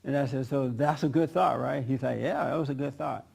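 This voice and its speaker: Gravelly-voiced man preaching a story. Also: mid-range voice, a little fast, darkish tone. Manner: retells a conversation, acting both sides. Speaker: pastor. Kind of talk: sermon storytelling. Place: church service.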